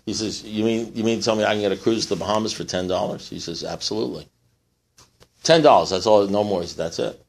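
A man speaking at a recovery meeting, telling a long joke and acting out the characters in a rising, excited voice. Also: fairly low pitch, quick pace, vocal fry. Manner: animated storyteller, acts out characters in rising voice.

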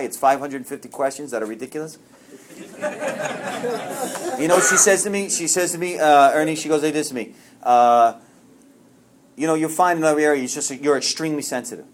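A middle-aged man telling his personal story to a recovery group, rambling and self-deprecating, earnest, often restarting his sentences. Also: fairly high pitch. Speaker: speaker sharing at a recovery meeting.

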